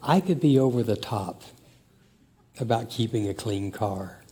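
Slow, mellow-voiced older man. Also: fairly low pitch. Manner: slow, warm, emotional storytelling. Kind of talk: reflective family talk.

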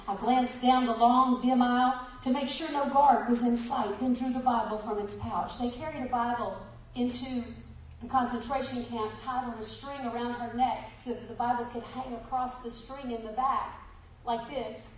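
A woman's voice: fairly high pitch, steady tone, moderate pace, slight background noise. A woman preaching a sermon, exuberant and laughing, reading a story aloud and talking straight to her listeners. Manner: exuberant, laughing, speaks to the congregation directly. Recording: echoey room from far off.

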